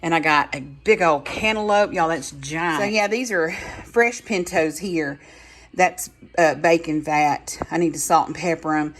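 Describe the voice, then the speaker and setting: A woman's voice: sits low, measured pace, a little hiss or hum. A middle-aged woman with a Texan accent chatting casually to her viewers in a home vlog, calling them y'all as she goes. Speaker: vlogger.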